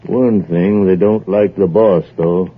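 A man playing a grumbling rural man who scorns the boss, with a flat rural drawl. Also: sits low, slow. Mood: scornful, smug. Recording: tinny phone-like old recording.

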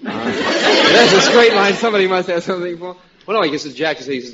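A man on a radio comedy panel, stammering as he acts out joke dialogue in a low mutter. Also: expressive, fairly quick, bright, forceful tone, some chatter behind, slight background noise. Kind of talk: radio panel chat, pitching jokes. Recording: muffled old broadcast with studio audience.

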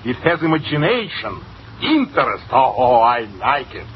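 An actor playing a sly embezzling cashier and bookkeeper in an old-time radio drama, with an oily, insinuating manner. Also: male voice, mid-range voice, very animated, moderate pace, heavy background noise, lightly acted. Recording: dull lo-fi old radio broadcast.

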